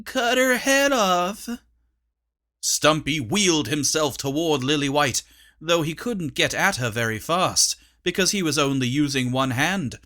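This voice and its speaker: A man narrating a comic audiobook in a playful, animated way. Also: fairly high pitch, normal speed. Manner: animated, playful character voicing.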